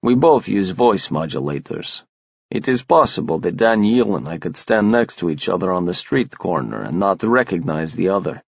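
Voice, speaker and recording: Guy narrating an audiobook, low gravelly voice, dry and kinda muffled. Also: big pitch swings, normal speed, no room sound. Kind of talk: first-person audiobook narration.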